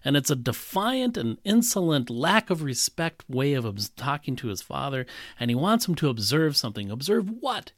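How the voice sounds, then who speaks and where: Guy preaching a sermon, pitch jumping all over, dry close sound, asks lots of questions. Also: normal speed, no echo. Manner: animated, emphatic storytelling with rhetorical questions. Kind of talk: expository sermon.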